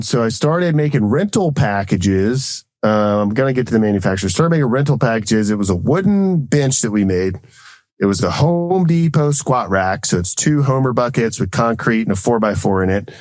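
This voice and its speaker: A former Marine officer and entrepreneur in his thirties, an American guest, tells a story in a fast, casual, rambling way, dropping "like" into nearly every phrase and acting out quoted exchanges. His medium-pitched voice is animated and a little mellow, with no room sound.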